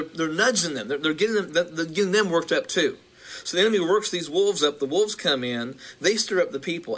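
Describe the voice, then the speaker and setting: A male preacher recounting a vision, halting with restarts and building in intensity. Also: on the high side, a bit bright.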